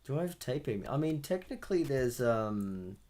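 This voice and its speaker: A young man, an audio engineer, mutters and thinks aloud in a casual, self-deprecating way while mixing a song. His medium-pitched voice swings widely in pitch at a normal speed, with loud guitar music playing and slight background noise.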